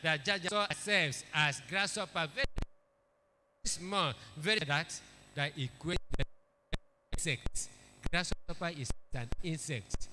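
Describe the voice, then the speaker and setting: A man's voice: a little high, slow pace, pauses often, background noise. A man preaching a sermon, emphatic, repeating key phrases and calling for amens. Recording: echoey hall with long reverb.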